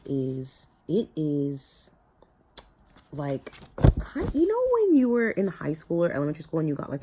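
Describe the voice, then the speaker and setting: A young woman with a deep, mellow voice vlogs candidly about her own life, often near tears, breaking off mid-sentence and laughing through her crying. There's slight background noise.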